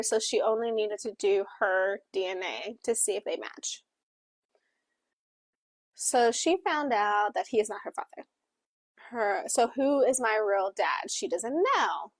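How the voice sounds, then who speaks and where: A woman co-hosting a book club, voicing for a Deaf co-host in a casual, animated plot summary full of fillers and acted-out quotes. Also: medium pitch, a little slow, dry recording.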